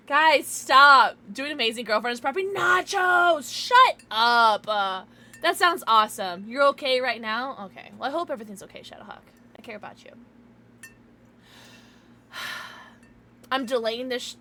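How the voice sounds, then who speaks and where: A woman's voice: a little high, pushed and bright, a little hiss or hum. A young woman streaming from home, chatting casually with viewers in a giggly, tipsy, chatty way. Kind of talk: casual livestream chat with viewers.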